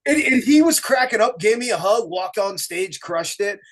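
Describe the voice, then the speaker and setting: Animated high-voiced man telling stories. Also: normal speed. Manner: animated storyteller acting out quotes, laughing often. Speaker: guest musician. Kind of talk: casual storytelling chat.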